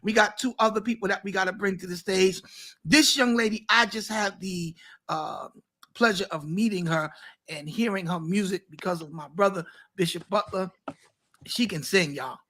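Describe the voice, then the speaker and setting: A man who is a pastor, hosting a casual talk show and warmly bringing guests to the stage. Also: high-pitched, normal speed. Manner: lively, hypes up guests. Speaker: pastor and host.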